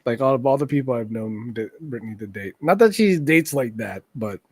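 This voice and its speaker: A man's voice: medium pitch, animated, fairly quick, darkish tone, dry recording. A man co-hosting a casual podcast while drawing, teasing his friends and drifting into mumbled asides. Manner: joking, teasing, trails off into asides. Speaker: podcast co-host.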